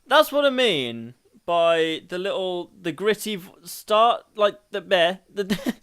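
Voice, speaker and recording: A man hosting a casual singing tutorial, energetic and rambling, often laughing at himself. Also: sits high, measured pace, clear, resonant tone, faint music behind.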